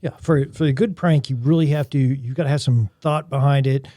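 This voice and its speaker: A man's voice: medium pitch, fairly even intonation, fairly quick, mellow, no room sound, studio quality. A man co-hosting a podcast, chatting casually with wry, joking asides. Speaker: podcast co-host. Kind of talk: casual chat.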